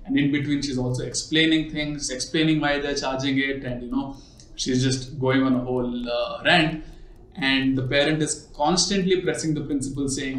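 A man's voice: mid-range voice, brisk, a bit bright. Man telling a story in an echoey room. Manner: conversational storytelling with frequent "you know" fillers. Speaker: podcast and video host. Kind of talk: casual explanatory monologue. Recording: echoey room with faint music.

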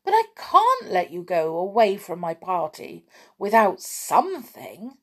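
A woman voicing a kindly grown-up lady who hosts a children's party, speaking warmly. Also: mid-range voice, very animated, unhurried, breathy edge, voice pushed up, heavily acted. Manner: warm, gently surprised.

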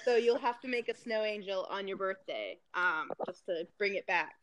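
A woman's voice: medium pitch, moderate pace, heavy background noise. A young woman co-hosting a podcast, chatting in a laid-back, amused way and laughing easily. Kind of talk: casual chat.

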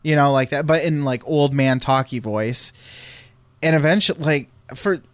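A man's voice: on the high side, moderate pace, no room sound. A man telling a long story in casual chat, rambling with fillers and restarts.

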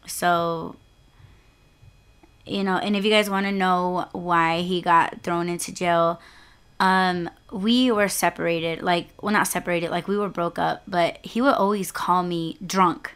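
A young woman talks through a personal story on her podcast in a loose, rambling monologue. She swears freely and fills her sentences with "like" and "you know". Her voice sits a little low and sounds clean and smooth. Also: steady tone, measured pace, fairly bright tone. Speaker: podcast host.

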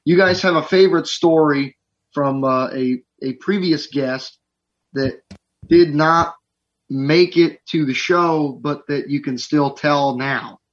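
Slow halting man on a dull line. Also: fairly high pitch. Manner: halting question. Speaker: questioner. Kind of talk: casual chat.

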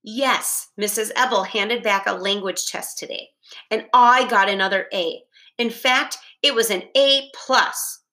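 A woman's voice: mid-range voice, unhurried, bright, forceful tone. A woman voicing a fibbing, defensive schoolboy in a read-aloud storybook, in a lightly raised voice. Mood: innocent.

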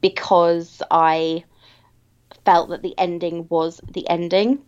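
A woman with a lowish voice speaks slowly and thoughtfully in a casual book chat, drawing her phrases out as she weighs each point. The recording sounds a little dull and lo-fi. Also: little pitch movement, a little mellow, clean tone. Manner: measured, reflective, drawn-out phrasing.

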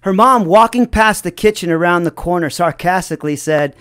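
A man's voice: sits high, a little slow, a bit bright, clear, resonant tone. A man telling a personal story in a reflective way, often chuckling between sentences.

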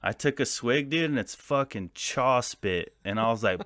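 An American man in his thirties, a podcast guest and former soldier, telling war stories in a casual, profane, animated way with frequent laughs. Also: medium pitch, normal speed, hardly any pauses, dry recording, studio quality. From United States. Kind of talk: casual storytelling.

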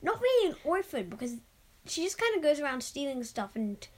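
A woman's voice: high-pitched, very animated, fairly quick, a little mellow. A woman co-hosting a podcast, chiming in with short remarks in casual chat. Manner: brief interjections and backchannel remarks. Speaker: podcast co-host.

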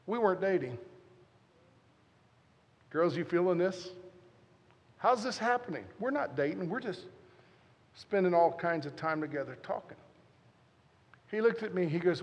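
In a church, a guest pastor in his fifties tells a joking story during his sermon, animated and speaking directly to the congregation. His voice is a little high, his pace moderate with frequent pauses, and the audio has a big-room sound.

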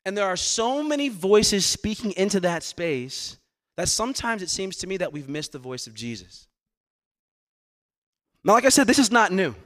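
Man, pastor, sermon, earnest, repeats himself for emphasis, higher voice. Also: big pitch swings, normal speed, fairly bright tone. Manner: earnest, repeats words when pressing a point. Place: church sanctuary.

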